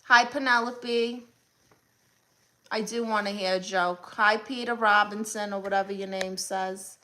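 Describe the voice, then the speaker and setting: Sassy Brooklyn woman with a bright voice. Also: mid-range voice, steady tone, slight background noise. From Brooklyn, New York. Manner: sassy, blunt, quick comebacks. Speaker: comedian hosting a live stream. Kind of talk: live stream, reading out chat comments.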